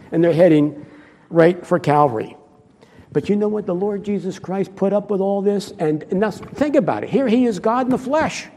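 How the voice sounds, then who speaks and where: A man's voice: high voice, animated, moderate pace, dark tone, long reverb tail. A male preacher giving a conversational sermon, asking his listeners questions as he goes.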